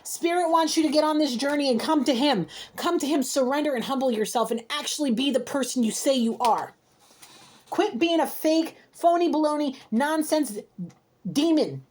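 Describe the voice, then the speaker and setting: A woman's voice: high-pitched, normal speed, darkish tone. A woman giving a heated spiritual card reading, scolding emphatically and repeating herself as she rants. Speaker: intuitive card reader.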